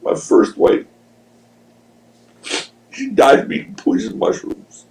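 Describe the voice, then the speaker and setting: A man in his sixties from Philadelphia, a podcast guest telling animated anecdotes and swearing freely. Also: takes it slowly. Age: 60s. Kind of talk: casual storytelling. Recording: roomy echo.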